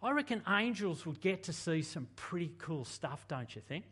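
High-voiced preacher. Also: male voice, normal speed, breathy edge. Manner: animated, conversational preaching with rhetorical questions. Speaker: pastor. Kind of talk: sermon.

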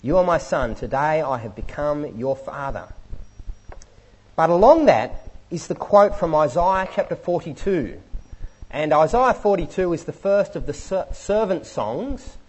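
A man preaching a sermon in an animated, conversational way, often correcting himself mid-sentence. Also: fairly high pitch, a little slow, breathy edge, low-quality recording.

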